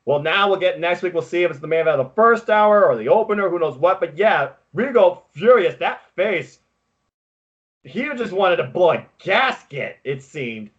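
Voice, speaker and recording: A man co-hosting a podcast, recapping wrestling in casual chat with excitable, quick play-by-play. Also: high voice, dull audio. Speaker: podcast co-host.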